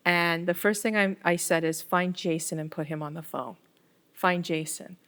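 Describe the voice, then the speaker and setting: Woman, lowish voice, middle-aged, animated storyteller, councillor chatting in an interview. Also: normal speed, clear, resonant tone. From Canada. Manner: animated storyteller, acts out quoted dialogue. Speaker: ward councillor, guest. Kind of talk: casual interview chat.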